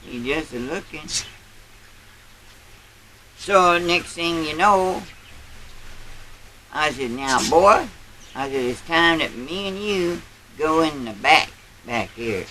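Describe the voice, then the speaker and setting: A bragging old country grandpa, put on by a man rambles through his tall tale in an unhurried drawl. His voice sits fairly high for a man and rings bright and forceful. A faint hum of background noise runs under him. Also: animated, exaggerated voice, poor audio. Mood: folksy. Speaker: storyteller. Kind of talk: character storytelling.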